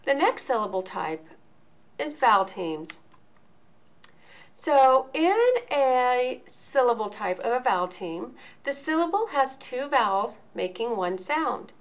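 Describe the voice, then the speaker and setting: A woman teaching a lesson in a video, explaining each point slowly and enunciating clearly. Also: a little high, expressive. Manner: slow, deliberate, clearly enunciated.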